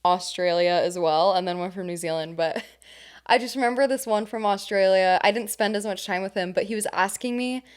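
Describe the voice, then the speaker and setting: A young adult woman co-hosting a podcast in casual chat, chatty and excitable. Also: medium pitch, fairly quick. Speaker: podcast co-host.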